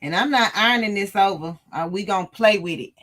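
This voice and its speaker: Hosting a relaxed sewing lesson on livestream, this woman chats away to her viewers and laughs a lot. Her voice sits mid-range, brisk in pace and fairly bright.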